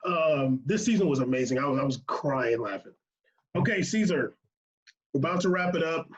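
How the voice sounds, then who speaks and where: A man with a high voice chats casually as a podcast co-host. He laughs often and rattles off lists of picks. The sound is a little muffled. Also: expressive, normal speed, long pauses. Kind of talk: casual chat.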